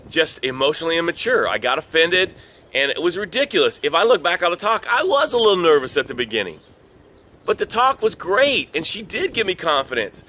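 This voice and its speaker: Bright, emphatic middle-aged man coaching. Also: a little high, slight background noise. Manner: earnest and emphatic, repeats key phrases. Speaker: business coach. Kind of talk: motivational talk.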